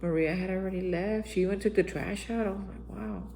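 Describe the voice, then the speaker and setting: An earnest woman from Texas tells a personal recovery story as a channel host, voicing her own past lines as she goes. Her pitch sits in an ordinary middle range. A faint hum of ambience lies under her voice. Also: brisk, dark tone, low-quality recording. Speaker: host of a daily reflection channel.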